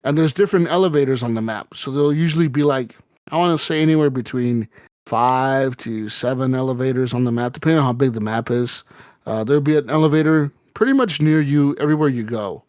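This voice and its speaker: A man's voice: fast, darkish tone, dry recording, clean studio sound. Profane rambling man telling a gaming story. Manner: rambling, profane, acts out quotes with jumps in pitch. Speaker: podcast co-host. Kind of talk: casual storytelling chat.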